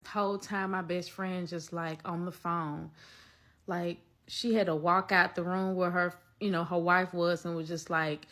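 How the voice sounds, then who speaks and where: A woman telling a personal story to her viewers, animated and emphatic. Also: lowish voice, a little slow. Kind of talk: storytime vlog.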